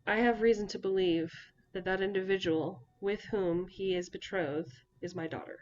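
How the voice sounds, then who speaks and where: A woman voicing a desperate, grieving father who rules a land at war, speaking hoarsely and pleading. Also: mid-range voice, fairly even intonation, moderate pace, a little mellow, lo-fi sound, close to an everyday voice. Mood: grave. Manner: pleading, near breaking.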